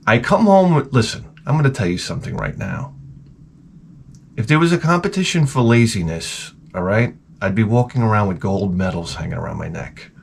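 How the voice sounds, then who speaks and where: A man's voice: on the low side, vocal fry, a little hiss or hum. Hungover man rambling crudely. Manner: rambling, profane, crude humor. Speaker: vlogger. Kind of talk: casual comedic monologue.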